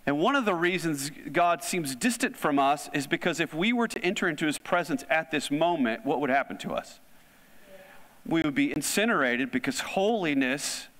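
Preacher in a reverberant hall. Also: male voice, a little high, fairly bright tone. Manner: conversational, asks the audience questions. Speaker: pastor. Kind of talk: sermon. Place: church hall.

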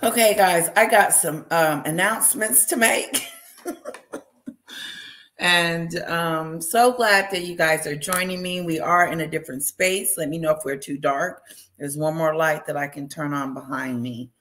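A woman hosting a casual livestream, warmly greeting viewers by name, bubbly and chatty. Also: low voice, measured pace, a little hiss or hum. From Wisconsin. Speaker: livestream host. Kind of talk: casual live chat with viewers.

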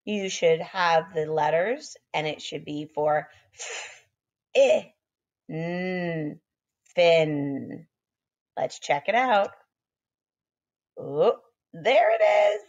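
Slow, low-voiced kindergarten teacher. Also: female voice, expressive, muffled recording. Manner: encouraging, sounds out letters slowly. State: sleepy, keeps yawning. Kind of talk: phonics lesson for young children.

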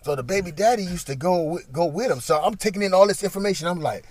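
A man telling a crude story in a rambling, profane way, dropping to mutters and then bursting loud. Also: sits high, fast, no room sound.

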